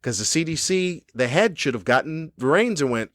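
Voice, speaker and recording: A podcast host and comedian with a slightly high, animated voice rants angrily from a cruise ship room, cursing constantly and sounding thoroughly cranky. He speaks at a moderate pace, and the studio-clean recording has no echo.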